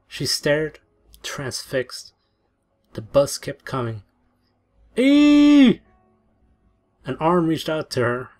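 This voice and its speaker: A man reading a story aloud in a steady, expressive way. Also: medium pitch. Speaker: narrator. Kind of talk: audiobook reading. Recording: soft background music.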